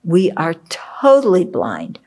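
Woman giving a slow buddhist dharma talk, bit breathy, keeps asking okay?. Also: on the low side, wildly swooping pitch, darkish tone. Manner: reflective, checks in with "okay?", acts out inner voices. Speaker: Buddhist teacher.

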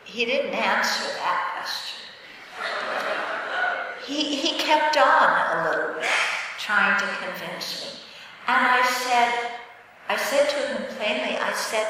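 A woman Buddhist teacher giving a dharma talk, telling stories in a plain, direct and measured way. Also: a little high, animated, pushed and bright, slight background noise. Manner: conversational storytelling with light laughter. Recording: echoey hall from far off.

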